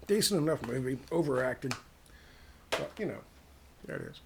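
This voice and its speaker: A man with an American accent giving a heated, profane political monologue, firing off rhetorical questions and dropping to hushed tones. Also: medium pitch, lively intonation, normal speed, gravelly, background noise. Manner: ranting, drops to hushed tones. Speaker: political commentator.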